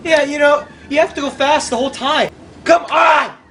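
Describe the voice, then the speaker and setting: A man commenting on his own gameplay, excitable and quick to yelp and shout whenever he fails. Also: extremely high pitch, very noisy. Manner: excitable, yelps and shouts at failures. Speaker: gamer.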